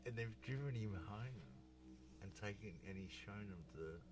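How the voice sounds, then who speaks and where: A man's voice: on the low side, moderate pace, music in the background. An older Australian man telling rambling stories in casual chat, swearing and acting out what people said. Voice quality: swearing, rambling, acts out quotes in a raised voice. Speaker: storyteller guest. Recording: steady hum behind.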